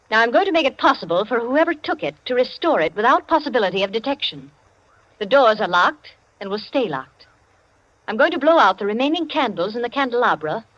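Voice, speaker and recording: An actress playing a wealthy hostess who gives firm, clipped commands in 1940s radio drama acting. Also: female voice, a little high, fairly bright tone, no room sound. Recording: muffled lo-fi old radio broadcast.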